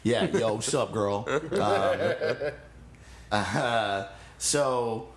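A comedian guest telling a funny story in casual chat, laughing often and swearing freely. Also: male voice, mid-range voice, sing-song, drawn-out words, reverberant, over a noisy crowd.

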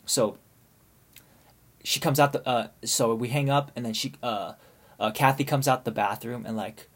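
A man's voice: medium pitch, moderate pace. Rambling man telling a story. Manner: rambling, animated, many restarts. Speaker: storyteller asking for advice. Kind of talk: casual storytelling.

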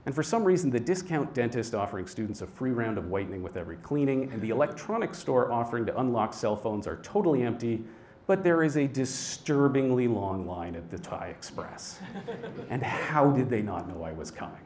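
A young man telling a personal story on stage, his delivery swinging between quiet and loud. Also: medium pitch, animated, fairly quick.

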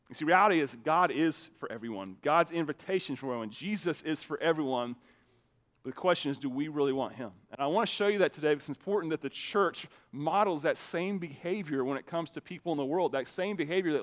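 A man, a pastor, preaching a sermon in a conversational way, often repeating words as he starts a phrase and swinging from soft asides to loud emphatic lines. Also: a little high, quick pace.

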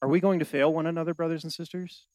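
A man preaching a sermon, asking the congregation questions and swinging between loud exhortation and quiet asides. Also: fairly high pitch, steady tone, fast, no room sound, low-quality recording. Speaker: pastor.

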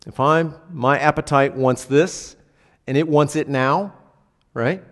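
A pastor with a fairly high, somewhat bright voice takes his time delivering a casual sermon in a reverberant hall. He often asks the congregation questions and punctuates key words with emphatic bursts.

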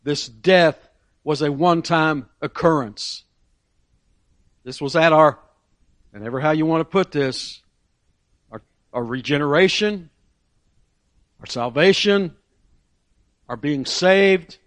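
A man's voice: fairly high pitch, slow, long pauses, fairly bright tone, no room sound, clean studio sound. A man preaching a sermon, asking rhetorical questions and repeating key phrases for emphasis.

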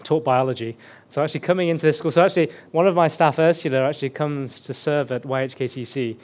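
A man's voice: a little high, fast, darkish tone. A man from England with a lightly suppressed Birmingham accent, giving a chatty, self-deprecating sermon as a guest pastor on a headset mic. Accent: Birmingham, mostly suppressed. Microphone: headset mic slipping off.

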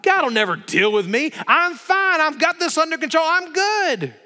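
Brief: arrogant ancient king, boastful and dismissive, high bright tone in a reverberant hall, put on by a preacher. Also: sing-song, normal speed, exaggerated voice. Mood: smug. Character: arrogant, smug ancient king, grown man.

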